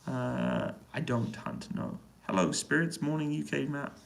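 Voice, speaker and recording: A British man in a hotel room, answering viewers' questions on a casual, relaxed live stream and keeping his voice down so he doesn't wake anyone. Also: mid-range voice, a little slow, creaky, low-quality recording. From United Kingdom. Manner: relaxed, quiet voice to avoid waking neighbours. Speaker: livestream host answering chat questions. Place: hotel room on an army base.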